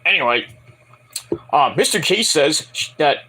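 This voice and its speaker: A man's voice: fairly high pitch, normal speed, husky. A man casually reviewing a wrestling show in a vlog, rambling, profane and opinionated. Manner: animated, bursts into put-on voices.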